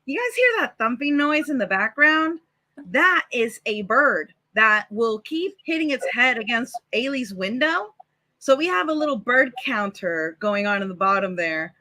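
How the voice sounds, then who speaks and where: A woman's voice: fairly high pitch, expressive, unhurried, pushed and bright. A woman hosting a casual live developer show over a video call, chatty and upbeat. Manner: upbeat, chatty, laughs easily. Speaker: host and product manager.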